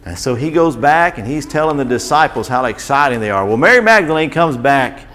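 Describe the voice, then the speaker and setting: A man's voice: medium pitch, brisk. A man telling a Bible story to children as their teacher, stopping often to ask the kids questions. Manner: animated, asks children questions.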